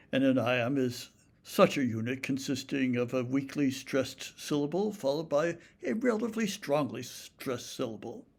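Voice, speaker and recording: Male lecturer, slow and gravelly, measured explanatory delivery, reads poems deliberately. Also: mid-range voice, darkish tone. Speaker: literature lecturer. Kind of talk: recorded lecture with poetry reading.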